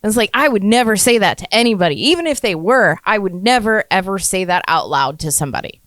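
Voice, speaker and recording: A woman's voice: medium pitch, animated, fast talker, fairly bright tone, no room sound. A woman co-hosting a casual podcast, candid, swearing casually and laughing easily. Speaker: podcast co-host. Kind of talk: casual chat.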